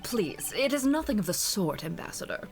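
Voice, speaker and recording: A woman voicing a composed, dry male prosecutor in a fan game reading. She speaks in a calm, clipped, measured way. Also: mid-range voice, vocal fry, soft background music, pitched below the performer's own voice.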